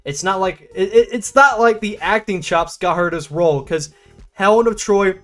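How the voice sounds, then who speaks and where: A young man talks through a film in a loose, rambling review, stumbling over restarts and fillers. His voice sits a bit high, and he jumps into animated, laughing bursts. Faint music plays softly behind him. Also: normal speed. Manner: rambling, stop-start, many fillers and restarts. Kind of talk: casual spoken movie review.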